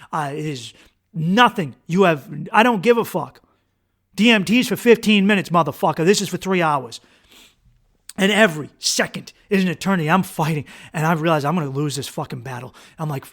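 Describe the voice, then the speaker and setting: A podcast host, a man, telling a personal story in an intense, profane monologue that swings between loud outbursts and hushed lines. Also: fairly high pitch, fairly quick.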